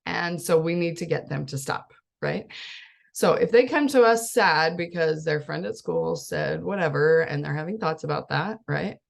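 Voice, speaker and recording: A woman life coach in her thirties talks casually with parents, laughing between thoughts and jumping into bits of quoted dialogue. Her voice sits a bit low and carries a gravelly edge. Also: lively intonation, moderate pace. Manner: chatty, laughs often, acts out quoted voices.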